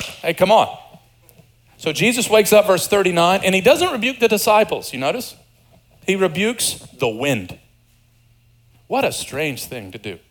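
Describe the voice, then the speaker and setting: Guy preaching a sermon, kinda high voice, animated, acts out the lines, chats with the crowd. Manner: animated preacher acting out voices, conversational asides. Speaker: pastor.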